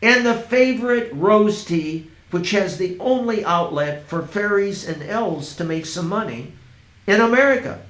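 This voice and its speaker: A man reading his own first-person story aloud, in a dreamy, unhurried storytelling manner. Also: sits high, animated, fairly bright tone. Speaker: narrator. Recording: roomy echo.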